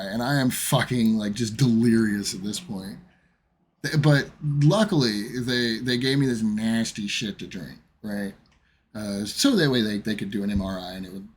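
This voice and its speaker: A man from the United States tells a long, rambling story from his own life, swearing freely as he goes. His voice is husky and sits at a middle pitch. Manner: profane, rambling anecdote. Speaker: streamer. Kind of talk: casual storytelling.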